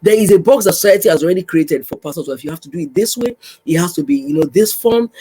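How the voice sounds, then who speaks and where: A woman's voice: lowish voice, lively intonation, fast talker, a little hiss or hum, poor audio. A woman hosting a faith podcast, exhorting listeners with repeated, direct phrases. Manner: repetitive, exhorting, addresses listener warmly. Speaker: podcast host, pastor's wife.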